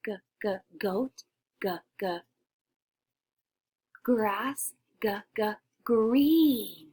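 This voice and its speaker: A woman teacher leading a shared reading lesson for young children, sounding out letters slowly and often dropping to a whisper, encouraging and animated. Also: medium pitch, slightly rough. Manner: animated, encouraging, with gasps of discovery.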